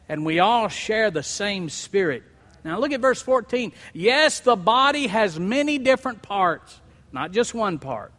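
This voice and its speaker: A male pastor preaching a sermon to his church, emphatic and repeating key phrases, slowing down to stress words. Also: sits high, a bit bright, big-room sound. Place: church sanctuary.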